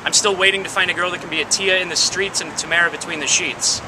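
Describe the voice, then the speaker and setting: Wry man with a high voice. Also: fairly even intonation, fast talker, noisy background. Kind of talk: confessional joke.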